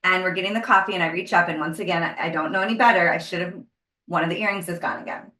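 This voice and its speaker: Animated woman telling a story in an echoey room. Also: racing. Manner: animated storyteller, acts out her own past panic in high bursts. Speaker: podcast co-host. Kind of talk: casual storytelling chat.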